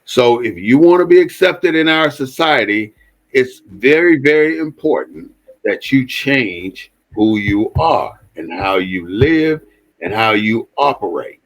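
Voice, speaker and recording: A man's voice: medium pitch, lively intonation, measured pace, low-quality recording. A man hosting an impassioned commentary monologue, speaking bluntly and repeating phrases for emphasis, with frequent swearing. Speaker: host.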